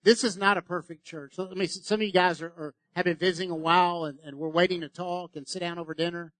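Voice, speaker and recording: A middle-aged man preaching a sermon as pastor, impassioned and conversational, swinging between loud exhortation and hushed, intimate appeals. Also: high voice, steady tone, fast, no echo, poor audio.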